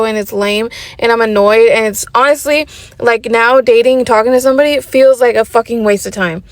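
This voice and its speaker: A woman with a fairly high voice vents about the men she is talking to, irritated and swearing freely. The recording is dry and close, with no room sound. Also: no echo. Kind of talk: casual venting rant.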